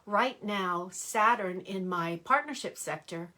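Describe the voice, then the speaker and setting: An older woman talks to her viewers on a live stream in a casual, chatty way. She speaks at an ordinary pitch for a woman and often restarts her sentences. She greets people by name as she talks. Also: slow, bright, forceful tone. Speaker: astrologer hosting a live stream. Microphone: computer or phone live-stream mic.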